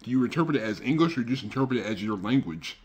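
A man's voice: mid-range voice, animated, racing. A man hosting a reaction video, rambling casually and leaning on "like" and "you know what I'm saying".

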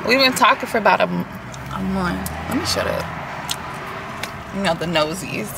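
A young woman talks straight to her camera from a tripod in her car as she drives through traffic. Her voice has a gravelly edge, and she chats in a loose, slightly nervous way. Loud road noise rumbles underneath. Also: animated, moderate pace. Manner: chatty, nervous, laughing asides. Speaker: vlogger. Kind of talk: casual car vlog chat.

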